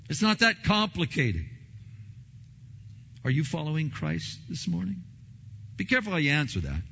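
Emphatic preacher in an echoing hall. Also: male voice, mid-range voice, slight background noise. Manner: emphatic preaching, repeats words, swings loud and soft. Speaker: pastor. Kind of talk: sermon. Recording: long hall reverb, dull lo-fi sound.

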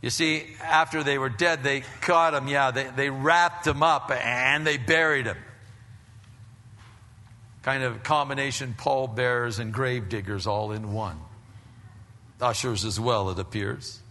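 A male pastor giving a sermon in a church, animated and conversational, often restarting his phrases. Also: medium pitch, a little slow, in a large hall.

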